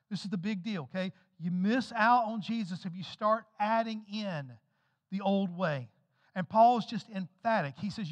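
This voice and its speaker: A man's voice: sits high, a bit bright, long reverb tail. A man preaching a sermon as pastor, emphatic and conversational, with repeated phrases. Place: church sanctuary.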